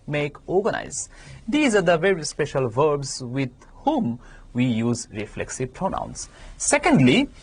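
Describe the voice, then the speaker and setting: A woman with a Bangladeshi English accent teaching grammar in a televised class, explaining patiently and stressing key words with sudden leaps in pitch. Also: husky.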